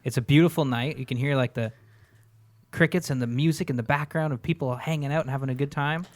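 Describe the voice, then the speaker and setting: A man's voice: mid-range voice, steady tone. A man from Canada hosting a podcast in upbeat casual chat, recorded at an outdoor pavilion at a resort. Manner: upbeat, quick-talking. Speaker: podcast host.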